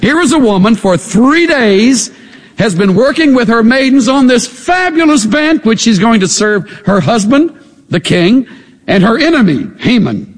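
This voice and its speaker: A man preaching a sermon, animated and emphatic, pressing his listeners with pointed rhetorical questions. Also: extremely high pitch, measured pace. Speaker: pastor. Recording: echoey hall.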